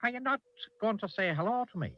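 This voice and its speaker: Squeaky cheeky goblin guy, a man doing it, teasing, old lo-fi cartoon soundtrack. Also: animated, fast talker. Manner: gleeful, teasing. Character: cheeky high-voiced male goblin, mischievous. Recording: dull lo-fi 1970s TV soundtrack with faint hiss.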